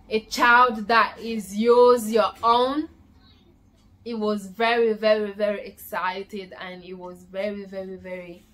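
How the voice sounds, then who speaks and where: At home, a young woman vlogger tells a personal story in a casual, animated way, repeating words for emphasis. Her voice is mid-range.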